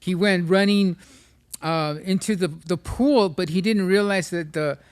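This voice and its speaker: A man in his sixties, a guest musician, chatting in a relaxed, halting way with many "you know"s. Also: high-pitched, clean tone. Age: 60s. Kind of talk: casual chat.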